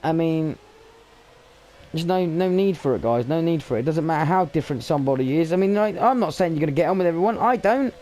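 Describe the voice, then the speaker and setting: A man's voice: a little high, expressive, quick pace, mellow. Chatty, blunt young British man. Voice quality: swears freely, chatty, blunt. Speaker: gaming streamer. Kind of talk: casual rambling chat over gameplay.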